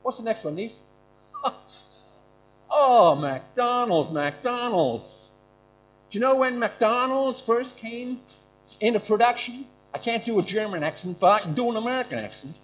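A man's voice: extremely high pitch, a little fast, fairly bright tone. A man giving an informal sermon to a congregation, animatedly quizzing his listeners. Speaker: preacher giving a talk to a congregation. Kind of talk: informal sermon with questions to the audience. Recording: dull lo-fi with faint hum.

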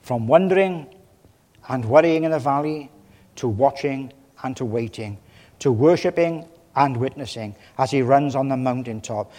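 A man's voice: mid-range voice, moderate pace, a little mellow. Male preacher, from Wales, passionate sermon delivery with big dynamic swings, recorded in a reverberant hall. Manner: impassioned, swelling and dropping in volume. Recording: long reverb of a large hall.

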